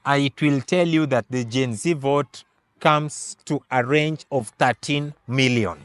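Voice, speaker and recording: A man giving a political analysis monologue, laying out figures step by step in a deliberate, emphatic way. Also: medium pitch, a bit bright, smooth, no room sound. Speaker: political commentator.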